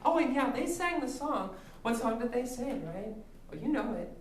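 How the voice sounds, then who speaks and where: A woman's voice: on the high side, lively intonation, moderate pace. A woman of forty doing a stand-up comedy set, ranting wryly and laughing often. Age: 40s. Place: theatre stage with live audience. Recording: roomy live theatre, loud crowd laughter.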